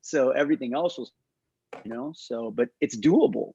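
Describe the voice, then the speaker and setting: A man's voice: mid-range voice, moderate pace, gravelly, mellow, slightly rough, dry recording. A man, a martial arts teacher, reflecting thoughtfully on training in a casual group conversation. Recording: dull, muffled lo-fi mic.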